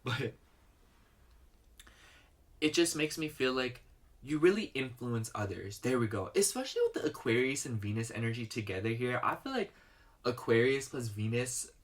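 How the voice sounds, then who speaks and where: A man's voice: medium pitch, sing-song, moderate pace, pauses often. A man giving a casual, rambling tarot reading to his viewers, full of "you know" and "like.". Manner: murmurs softly while shuffling and pulling cards. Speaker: tarot reader.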